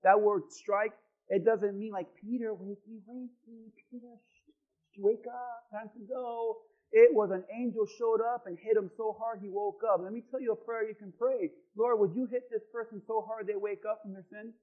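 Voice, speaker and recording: A man preaching a sermon to his church, swinging between loud shouted pleas and quiet asides. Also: high voice, fairly even intonation, moderate pace, phone-quality sound. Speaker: pastor. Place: church hall with congregation.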